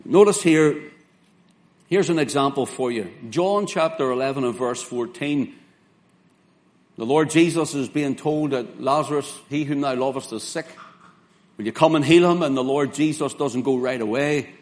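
A man's voice: medium pitch, darkish tone. A man preaching a sermon in an earnest, emphatic way, quoting scripture in King James phrasing. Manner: earnest, emphatic preaching with slow spelled-out words and dramatic quoted lines.

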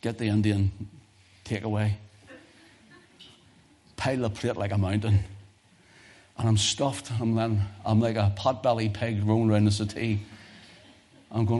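A man preaching a sermon as pastor, emphatic, swinging from loud exhortation to near whispers. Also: fairly low pitch, little pitch movement, a little slow, pauses often.

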